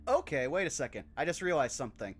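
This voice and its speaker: A man's voice: fairly high pitch, big pitch swings, quick pace, faint music behind. A man in his thirties playing a tabletop game, casual and joking, with many fillers. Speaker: player.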